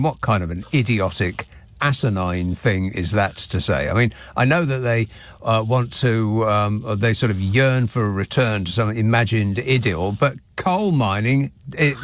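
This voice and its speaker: A man hosting a radio phone-in, chatting with callers in a dry, sarcastic, deadpan way. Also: mid-range voice, normal speed. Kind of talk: late-night radio phone-in chat. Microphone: studio microphone.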